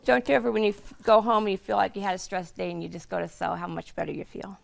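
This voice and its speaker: A hoarse woman casually demonstrating quilting steps to a small group, chatty and explaining each step as she sews. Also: mid-range voice, level tone, quick pace. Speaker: quilting instructor.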